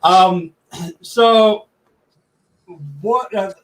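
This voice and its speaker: A man hosting a podcast who asks his guest questions in a halting way, full of fillers. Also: high voice. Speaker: podcast host. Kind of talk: casual interview. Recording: distant from the mic.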